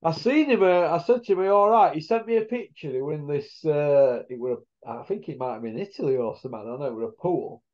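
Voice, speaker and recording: A man's voice: on the high side, expressive, quick pace, hardly any pauses, a little mellow. Rambling man, lo-fi. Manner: rambling storyteller, blunt northern English slang. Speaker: host. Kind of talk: casual chat. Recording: dull lo-fi sound.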